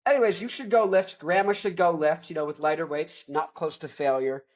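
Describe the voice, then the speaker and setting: A man's voice: fairly high pitch, steady tone, a little fast. Rambling young man hosting a rock show. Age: young adult. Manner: rambling, digressive, jokey. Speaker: host. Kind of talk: casual album review chat.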